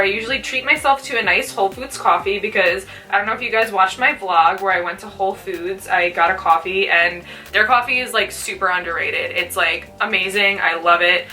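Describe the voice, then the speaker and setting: A woman's voice: medium pitch, sharp tone, far from the mic. A young woman chatting casually while doing a makeup tutorial, peppering her talk with "like". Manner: chatty, fills speech with "like". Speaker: beauty vlogger.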